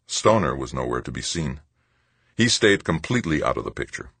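A man narrating an audiobook in a steady, measured reading. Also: very deep voice, creaky, breathy edge, no echo. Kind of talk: scripted narration.

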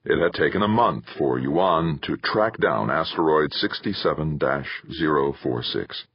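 A man narrating an audiobook in a measured, expressive way. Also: extremely low pitch, husky, no room sound, lo-fi sound. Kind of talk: scripted narration.

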